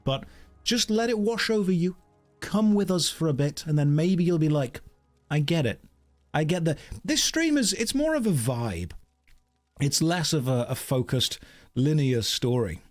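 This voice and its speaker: A man's voice: on the high side, sing-song, unhurried, soft background music. A man streaming a video game, chatting playfully with viewers in casual commentary.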